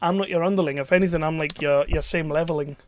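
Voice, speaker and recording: A man's voice: a little high, fairly even intonation, quick pace, slight background noise. A young man co-hosting a podcast in casual banter, joking, laughing often and swearing freely. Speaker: podcast co-host.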